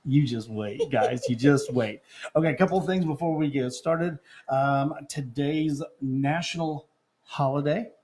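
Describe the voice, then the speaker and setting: A man hosting a morning Christian talk show, joking and telling stories in a lively, playful way. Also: medium pitch, measured pace. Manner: playful, joking, animated storyteller. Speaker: host. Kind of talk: morning radio show chat.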